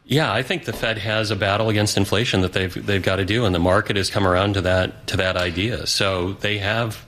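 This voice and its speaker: Deep-ish man, analytical news guest. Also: fairly even intonation, a bit bright. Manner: measured, analytical, keeps checking in with "right?". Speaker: investment strategist guest. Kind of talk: live financial news interview. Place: broadcast studio.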